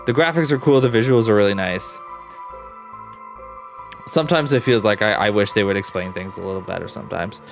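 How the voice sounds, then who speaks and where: A man giving casual, rambling commentary while playing a story game, chatty and quick to laugh. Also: fairly low pitch, creaky, soft background music. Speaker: let's-play gamer.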